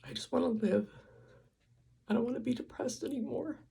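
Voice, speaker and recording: A woman's voice: a little high, normal speed, creaky, warm tone, breathy edge. An older woman vlogging, speaking in an emotional, tearful and confiding way as she cries. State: crying. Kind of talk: personal vlog.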